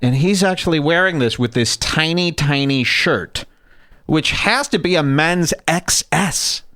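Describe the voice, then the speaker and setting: A man's voice: on the high side, a little slow, no echo, clean studio sound. A man hosting a podcast, telling stories in a casual, profane and jokey way. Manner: animated, profane, jokey storyteller. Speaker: podcast host. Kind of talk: casual storytelling chat.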